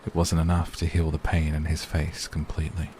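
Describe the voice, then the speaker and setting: A man reading a bedtime story in a slow, soothing, even way. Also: very deep voice, a little hiss or hum. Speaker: narrator. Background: faint rain.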